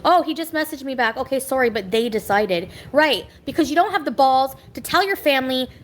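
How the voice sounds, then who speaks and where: Woman, higher register, venting at home on a live stream; rambling, bitter, quick to snap at viewers; slight background noise. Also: lively intonation, rough recording. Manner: rambling, bitter, talks back to chat. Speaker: livestreamer. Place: home kitchen.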